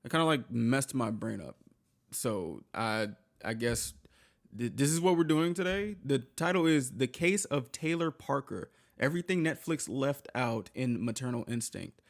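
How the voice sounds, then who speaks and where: A man hosting a reaction video, talking in a loose, rambling way with quick, blunt reactions. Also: medium pitch, lively intonation. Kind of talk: casual chat.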